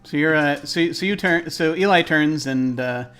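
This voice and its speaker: Halting male game master narrating. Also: fairly high pitch, a bit bright, clean tone, soft background music. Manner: hesitant, halting, full of restarts.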